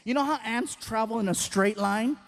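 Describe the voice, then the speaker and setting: A man doing stand-up before a live audience, telling an animated story and acting out the scenes. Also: sits high, moderate pace, gravelly. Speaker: stand-up comedian. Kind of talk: stand-up routine.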